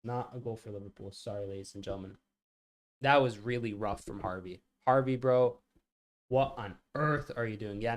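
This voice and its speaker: A man hosting a live football watchalong, chatting casually with viewers and reacting to the match with lots of slang. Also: on the low side. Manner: chatty, reacts loudly to goals, talks to chat with slang. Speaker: livestream watchalong host.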